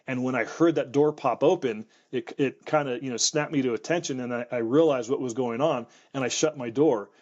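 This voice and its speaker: A man's voice: mid-range voice, darkish tone, dull audio. A man who is a wildfire expert, recounting his experiences in an interview with frequent restarts and repeated words. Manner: halting, repeats words while thinking. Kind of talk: reflective interview storytelling.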